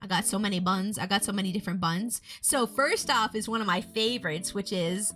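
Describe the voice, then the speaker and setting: A woman's voice: mid-range voice, a little fast, few pauses, a bit bright, faint music behind. A woman streaming live as a VTuber artist, chatting casually with viewers while she shows off a model. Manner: chatty, rambling, greets chat viewers.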